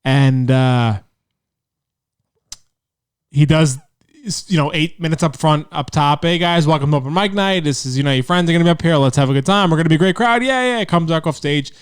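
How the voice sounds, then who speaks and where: A man co-hosting a podcast, cutting in with quick jokes and telling his own stories. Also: on the high side, clean tone, no room sound. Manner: wisecracking, jumps in with jokes. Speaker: podcast co-host. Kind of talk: casual chat.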